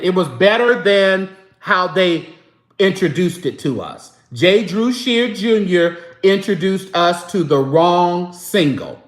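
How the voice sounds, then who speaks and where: Host, man, high voice, unhurried, chatty gospel-music talk with sung snippets, echoey room. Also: fairly bright tone. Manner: chatty, breaks into snatches of singing. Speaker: show host. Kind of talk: casual live-stream chat about gospel music.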